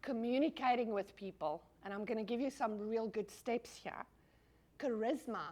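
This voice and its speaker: A middle-aged woman giving a lively classroom lecture. She is animated, swears casually and keeps asking the audience questions. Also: on the high side, normal speed.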